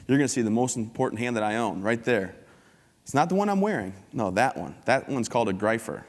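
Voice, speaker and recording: A man in his thirties giving an upbeat, joking motivational talk from a stage, acting out little scenes and voices. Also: lowish voice. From United States. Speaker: keynote speaker. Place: conference hall stage before an audience. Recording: long hall reverb.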